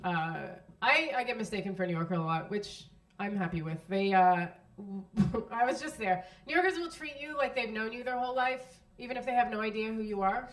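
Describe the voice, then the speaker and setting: A woman's voice: fairly high pitch, a little fast, recorded from a distance. An American woman performing a stand-up comedy set in a club, chatting with the crowd, laughing at her own jokes and acting out the people she describes. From United States. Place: comedy club stage, live audience. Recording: roomy live recording, mic heard from afar.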